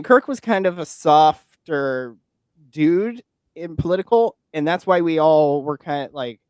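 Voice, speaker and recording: Young man, slightly high voice, rambling political chat, dry close sound. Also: no room sound. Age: 20s. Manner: rambling, many fillers and restarts. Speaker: podcast guest and political commentator.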